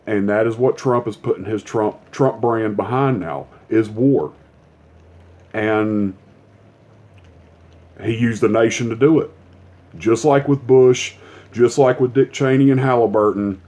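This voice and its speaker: A man in an angry, swear-laden rant, his tone dark and mellow at an average pitch. He hammers his points home with emphatic repetition. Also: measured pace. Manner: profane, heated, emphatic. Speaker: commentator.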